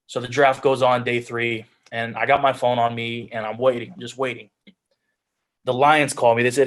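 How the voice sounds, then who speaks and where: Young man, 20s, guest on a video call, earnest storyteller, mid-pitched, plain everyday delivery. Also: little pitch movement, moderate pace. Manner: earnest storytelling, drops into quoted self-talk. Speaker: guest speaker, pro football player. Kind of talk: telling his life story on a video call.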